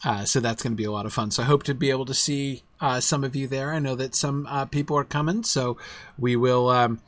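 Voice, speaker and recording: A man leading an online book discussion in a loose, rambling way, often restarting his sentences, but eager and enthusiastic. His voice is of ordinary pitch, and the sound is dry and close to the mic. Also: steady tone, fairly quick, a bit bright, no echo. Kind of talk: casual livestream lesson.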